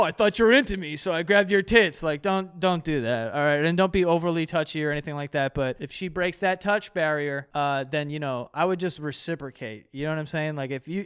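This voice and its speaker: Joking, crude man with a smooth, high voice. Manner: loose, crude, joking, laughs often, mock voices. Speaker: host reacting to dating advice. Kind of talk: casual reaction commentary.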